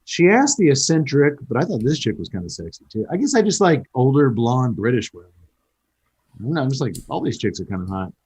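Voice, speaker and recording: A man's voice: medium pitch, brisk, husky. A man hosting a casual podcast, recapping a film with jokes and swearing. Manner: animated storyteller, swears, jokes. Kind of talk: casual chat.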